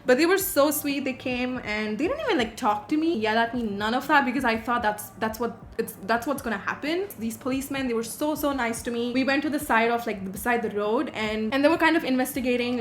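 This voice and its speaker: A young woman talking straight to camera while she does her makeup, with a voice set a little higher than most. She tells her story with dramatic, profane, chatty energy. A faint hiss of background noise sits under her voice. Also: fairly bright tone. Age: young adult. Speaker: beauty vlogger.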